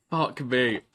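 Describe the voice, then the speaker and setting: Male reaction commentator, crude and mocking, unhurried delivery, laughs a lot. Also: fairly high pitch, slightly rough.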